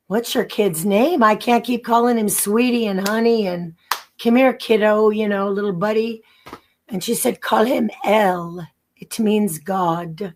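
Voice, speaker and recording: A woman guest tells her own story in an interview. She rambles, restarts her sentences often, and acts out the voices of people she remembers. Her voice sits at a middle pitch. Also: a little hiss or hum. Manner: rambling, halting, with many restarts and acted-out quotes. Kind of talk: personal testimony.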